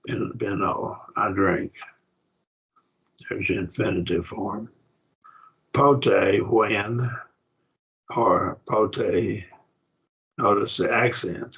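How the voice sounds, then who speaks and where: A man teaching a Greek grammar class, explaining words slowly and checking in with his students. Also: on the low side, steady tone. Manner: slow, explanatory, repeats words and checks with "okay?" and "see?". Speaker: Bible college Greek teacher. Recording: dull lo-fi classroom recording.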